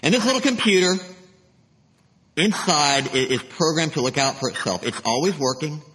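A man with a somewhat high voice delivers a sermon from the pulpit. He preaches emphatically and drops to a near hush to stress his points. His voice rings with the long reverb of a church sanctuary. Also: lively intonation, normal speed. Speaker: pastor.

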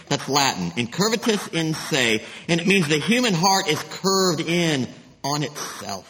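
A man with a somewhat high voice delivers a sermon from the pulpit. He preaches emphatically and drops to a near hush to stress his points. His voice rings with the long reverb of a church sanctuary. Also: sing-song, moderate pace. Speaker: pastor.

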